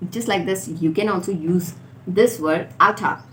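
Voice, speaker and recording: A woman teaching informal contractions, repeating each word slowly for learners. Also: on the low side. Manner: slow, deliberate drilling of words. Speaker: English teacher. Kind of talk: spoken English lesson for learners. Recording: faint background noise.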